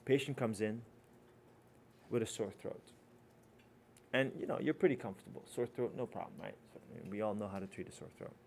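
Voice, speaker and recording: A man's voice: fairly low pitch, a little fast, gravelly, long pauses, darkish tone, slight background noise. A man giving a teaching lecture, telling a casual anecdote and acting out both doctor and patient.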